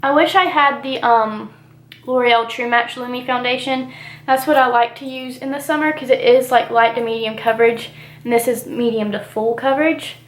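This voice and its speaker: A young beauty vlogger chats through her makeup routine in a relaxed, rambling way, full of fillers as she talks products. Allergies leave her a bit congested; her voice is slightly high, at normal speed, in an echoey room.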